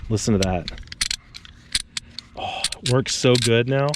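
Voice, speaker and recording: A man records a casual vlog to camera outdoors on a suburban street, chatting with viewers and slipping in joking asides about his trash picking. His voice is medium in pitch and he takes it slowly, over background noise.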